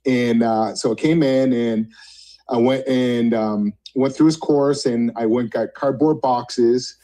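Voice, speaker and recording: A man in his fifties with a mellow, relaxed tone, talking through a video call. He rambles and corrects himself, slipping into quick bits of dialogue as he tells his story. His pitch sits in an ordinary middle range. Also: poor audio. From Vermont. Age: 50s. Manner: rambling, self-correcting, acts out phone dialogue. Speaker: guest speaker.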